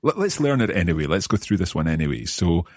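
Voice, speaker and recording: A deep-voiced man co-hosts a language lesson as the learner. He speaks with lively, swooping intonation and asks curious questions, often repeating phrases after the teacher. His voice is a little husky and sits in a dry, close sound. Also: quick pace, no room sound. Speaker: learner co-host.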